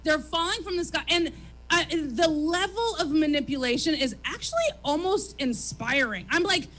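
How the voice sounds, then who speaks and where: A woman hosting a comedy talk show on a theater stage, ranting in a profane, rapid-fire way. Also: sits high, pushed and bright. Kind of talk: stand-up style chat on stage.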